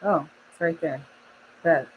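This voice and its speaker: A woman's voice: deep voice, slow pace, phone-quality sound, slight background noise. A young woman from Oklahoma chatting casually on a live stream, laughing often and reading the chat aloud. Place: home studio.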